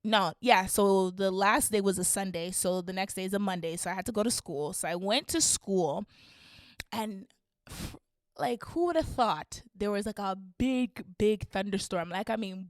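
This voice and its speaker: A young woman co-hosting a podcast, telling a story in a casual, animated way, laughing and acting out voices as she goes. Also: medium pitch, moderate pace, no room sound, studio quality. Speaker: podcast co-host.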